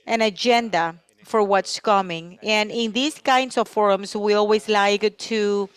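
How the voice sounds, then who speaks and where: This is a woman doing simultaneous interpretation for a conference panel, in a voice of middle pitch for a woman. She stays steady and even, pausing briefly as she follows the speaker. The sound is close and dry, with no room echo.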